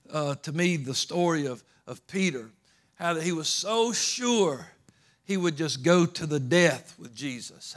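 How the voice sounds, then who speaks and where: A man preaching a sermon, swinging between loud emphatic peaks and low soft storytelling, often repeating words and restarting. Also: a little slow. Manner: rising to loud emphatic peaks, then dropping low and soft while retelling scripture.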